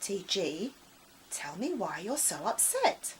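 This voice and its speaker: Woman voicing a soft, kind magical puddle lady. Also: on the high side, very animated, takes it slowly, slight background noise, full character voice. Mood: gentle. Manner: soft, friendly, coaxing.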